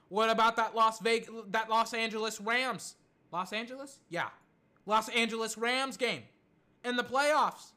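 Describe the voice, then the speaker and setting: Animated American sports ranter, bright voice. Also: mid-range voice, a little slow. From United States. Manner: animated, argues with imagined critics. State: a little tired. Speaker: sports vlogger. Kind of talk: casual sports rant.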